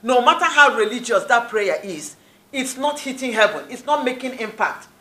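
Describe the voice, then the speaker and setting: A woman's voice: a little high, lively intonation, normal speed, sharp tone. A woman preacher giving a sermon with scripture reading, emphatic, repeating key phrases and often saying "praise the Lord". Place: church hall. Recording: echoey church hall.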